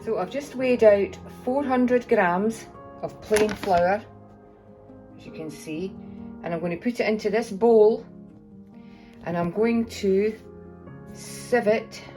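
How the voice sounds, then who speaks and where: A woman's voice: mid-range voice, takes it slowly, pauses often, dark tone, faint music behind. A Scottish woman chatting in a rambling way in her home kitchen while she bakes, filmed on a phone, often restarting her sentences. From Scotland. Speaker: home cooking vlogger. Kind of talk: casual chat while baking. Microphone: iPhone.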